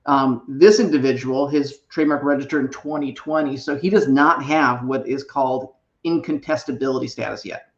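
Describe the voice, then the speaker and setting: A man explains trademark cases as co-host. His voice is gravelly and comes over a dull, echoey remote mic, and he keeps checking in with "right?" as he goes. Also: mid-range voice, fairly even intonation, moderate pace, few pauses. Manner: explanatory, tags sentences with "right?". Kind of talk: explaining legal process on a live show.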